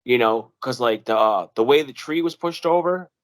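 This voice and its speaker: A young man from New York telling a wilderness story in an animated way, acting out the voices of the people in it and using lots of fillers. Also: medium pitch, normal speed, no echo. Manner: animated, acts out quoted dialogue in a raised voice, many fillers. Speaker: guest telling his encounter. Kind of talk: casual storytelling interview.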